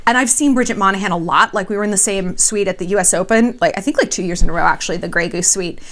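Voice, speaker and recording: A young woman hosts her vlog with celebrity gossip and relationship advice. She talks bluntly and sassily, swears freely, and her voice sits at a middle pitch. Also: quick pace, fairly bright tone. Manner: blunt, profane and sassy. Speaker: vlogger host.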